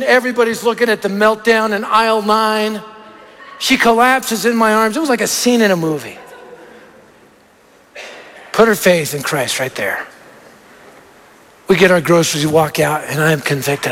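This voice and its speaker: High-voiced preacher in an echoey hall. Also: male voice, normal speed, pauses often. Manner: animated, anecdotal, punchy lists. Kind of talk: sermon with storytelling.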